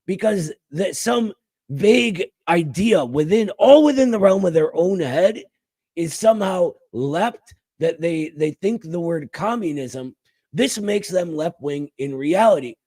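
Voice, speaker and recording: A man's voice: high-pitched, animated, measured pace, dark tone, no room sound. A man co-hosting a casual political talk show, speaking emphatically and calling his co-host brother. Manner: emphatic, calls people brother.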